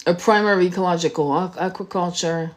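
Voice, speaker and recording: This tarot reader hosts a casual livestream, talking while she searches online, distracted, swearing, and restarting often. Her voice is fairly low and quick, with fairly even intonation.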